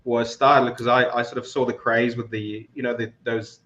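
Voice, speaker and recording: Relaxed Australian-accented man, dull audio. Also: medium pitch, moderate pace. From Moldova. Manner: relaxed, hesitant, many fillers. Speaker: podcast guest, business founder. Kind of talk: casual interview chat.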